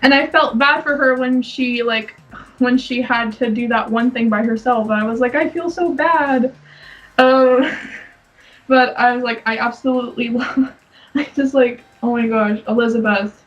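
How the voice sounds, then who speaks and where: A woman's voice: on the high side, steady tone, normal speed, muffled recording. A young woman co-hosting a casual podcast chat, gushing and giggly, squealing when she acts out her younger self. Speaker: podcast co-host. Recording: distant mic, faint music.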